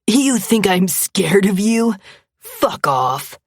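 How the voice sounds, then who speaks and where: A woman's voice: mid-range voice, very animated, slow, breathy edge, no echo, studio quality, heavily acted. A woman voicing a menacing, abusive young man who growls threats and sneers. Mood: snarling.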